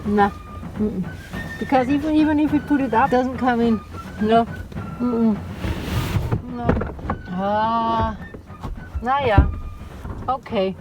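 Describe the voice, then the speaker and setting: A woman's voice: a little high, slow pace, long pauses, background noise. A woman giving a second opinion in casual chat, answering in short, hesitant replies.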